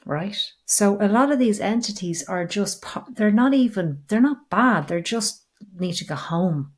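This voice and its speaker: A woman's voice: medium pitch, measured pace. A middle-aged woman hosting a podcast, telling stories earnestly and acting out the dialogue as she goes. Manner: earnest, animated storytelling, acts out dialogue. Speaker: podcast host, regression practitioner. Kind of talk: conversational interview.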